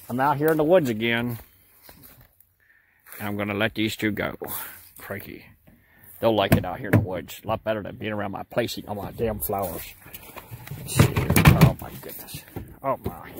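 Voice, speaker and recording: A man's voice: fairly low pitch, normal speed, pauses often. A man vlogging as he catches groundhogs outdoors. He exclaims constantly and coaxes the animals as he talks. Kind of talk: casual outdoor narration. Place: outdoors, yard and woods. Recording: outdoor noise behind voice.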